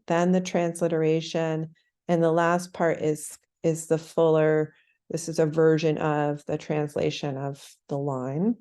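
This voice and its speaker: With a low, warm voice, a woman teaches how to pronounce a sacred text. She is thoughtful and corrects herself, drawing words out slowly whenever she demonstrates them.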